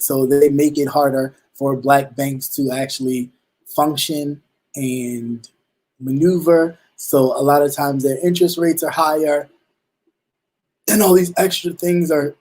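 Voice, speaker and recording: Chatty man hosting a talk show. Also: a little high. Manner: animated, slangy, acts out little dialogues. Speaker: show host. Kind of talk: casual commentary.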